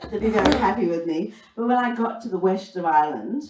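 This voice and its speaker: A woman's voice: mid-range voice, lively intonation, fast, few pauses, darkish tone, slight background noise. Australian woman doing bawdy stand-up. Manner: bawdy, chatty storytelling with laughs. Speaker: stand-up comedian. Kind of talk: stand-up comedy set. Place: pub comedy club. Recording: echoey room from far off.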